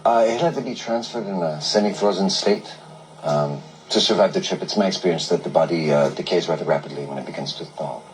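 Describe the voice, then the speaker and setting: A man with a Russian accent playing a calm, clinical male cryonics doctor in an indie film, explaining in a measured way with small hesitations. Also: low-pitched, lightly acted, poor audio.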